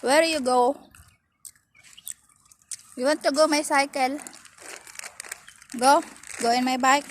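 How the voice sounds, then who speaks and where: A woman vlogging outdoors in the heat, talking slowly and coaxingly to stray cats and calling to them in a high sing-song voice. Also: fairly even intonation, a little hiss or hum. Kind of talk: casual talk to camera and to cats. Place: outdoors in hot weather, alone.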